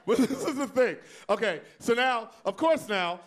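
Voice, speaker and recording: Sassy stand-up comic from Texas. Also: male voice, extremely high pitch, expressive, moderate pace, slight background noise. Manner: sassy, loud and playful, with sudden whoops. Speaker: stand-up comedian. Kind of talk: stand-up comedy set.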